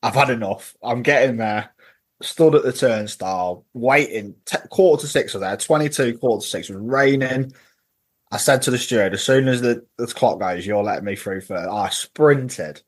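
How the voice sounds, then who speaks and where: A man's voice: medium pitch, normal speed, breathy edge. Chatty man telling stories. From England. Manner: chatty, laughs at his own stories. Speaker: podcast guest, football fan. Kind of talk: casual storytelling chat.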